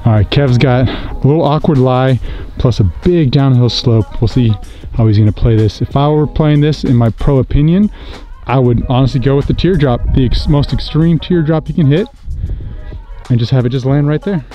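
A young man hosting his golf channel, giving playful commentary and hushing to a whisper before each shot, outdoors on a golf course. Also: medium pitch, moderate pace, lo-fi sound, soft background music. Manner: excitable, hushes to a whisper before shots.

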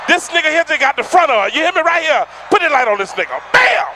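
Boisterous high-voiced comedian man. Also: sing-song, fast talker, a little hiss or hum. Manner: loud, boisterous, acts out characters with shouts and sounds. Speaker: stand-up comedian. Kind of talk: stand-up comedy routine. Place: theater stage.

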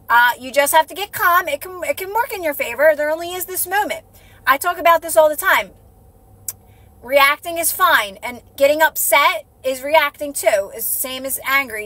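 A woman's voice: high voice, fairly bright tone. A woman coaching her viewers on a casual live stream, earnest and repetitive, often checking in with "right?". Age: adult with a child. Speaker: manifestation coach. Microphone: phone.

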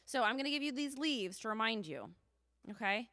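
A woman leading a children's sermon in a church, telling a story and asking the children questions in an animated way. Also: a little high, a little fast. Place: church sanctuary. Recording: long church reverb.

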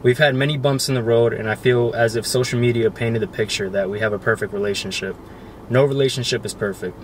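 A young man reading a heartfelt love letter aloud on a couple's vlog, soft and emotional, close to choking up. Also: lowish voice. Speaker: couple vlogger. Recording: faint background noise.

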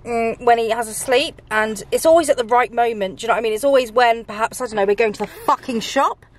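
A woman's voice: fairly high pitch, fast talker. A woman vlogging as a mother, chatting casually, swearing freely and laughing often. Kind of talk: casual vlog chat.

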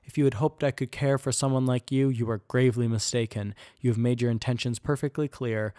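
Man voicing a young woman, heartbroken, proud, even delivery, dry close sound. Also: mid-range voice, brisk, no echo, natural voice. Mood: cold defiance.

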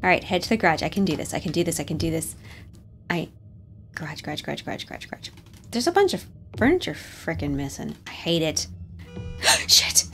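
A woman's voice: low voice, sing-song, a little fast, a bit bright, soft background music. A young woman commenting on a horror game, jumpy and nervous, swearing and talking herself through scares. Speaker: gaming streamer.

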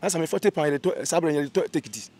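A Ghanaian man, an interview guest, telling a grievance story with energy and acting out what others said in lively voices. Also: a little high, fast talker. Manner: animated, acts out quoted dialogue. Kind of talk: emotional storytelling. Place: outdoor location away from the studio.

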